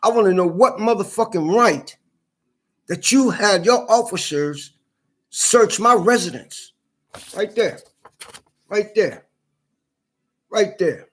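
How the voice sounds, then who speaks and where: A man's voice: high-pitched, takes it slowly, pauses often. A man in an angry, heated rant to camera, swearing a lot and repeating himself. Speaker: vlogger.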